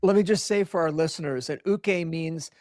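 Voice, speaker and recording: A man's voice: on the high side, normal speed, a little mellow, dry recording, studio quality. Eager male podcast host. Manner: enthusiastic, admiring questioner. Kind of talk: interview.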